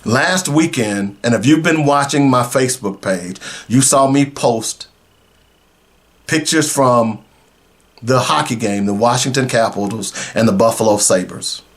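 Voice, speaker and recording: Earnest emotional man telling a story. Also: medium pitch. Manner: emotional, earnest, slow in places. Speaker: radio host. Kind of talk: personal storytelling.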